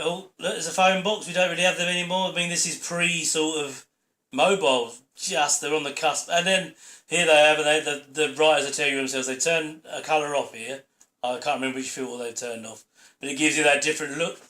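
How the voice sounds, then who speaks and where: Chatty man, bright roomy voice. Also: a little high. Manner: chatty, rambling, opinionated. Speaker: channel host. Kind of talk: DVD audio commentary. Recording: roomy echo.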